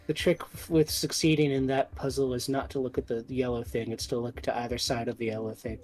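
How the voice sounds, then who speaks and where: Man, casual gameplay chat, quick laughs, animated storytelling, soft game music behind. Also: mid-range voice, rough recording. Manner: laughs often, lively storytelling. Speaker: podcast co-host playing a game.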